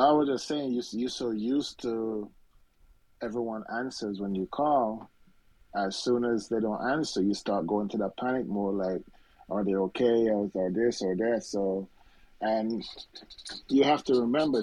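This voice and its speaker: A man with a lowish, husky voice talks casually and reassures the others. He pauses and restarts often. The recording is dry and close. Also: a little mellow, no echo, low-quality recording. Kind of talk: casual discussion.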